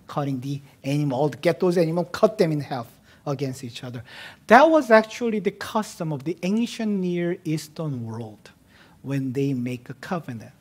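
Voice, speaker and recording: A man, a pastor, preaching an expository sermon, moving between casual asides and emphatic declarations that fall to hushed tones. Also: a little high, breathy edge. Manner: emphatic, swings from loud declarations to hushed near-whispers; conversational asides amid teaching.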